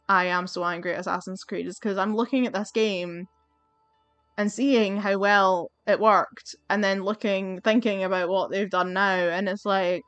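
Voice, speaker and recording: A woman's voice: medium pitch, fairly bright tone, clean tone, no echo. Brief: young woman, let's play host, exasperated ranting commentary, dry close sound. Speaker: gaming channel host.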